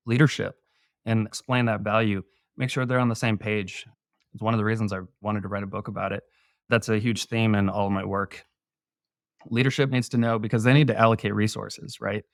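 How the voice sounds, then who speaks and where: A man's voice: fairly low pitch, steady tone, a little fast, dry recording, studio quality. A man, a guest author, explaining his views in a casual panel discussion. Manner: explanatory, conversational.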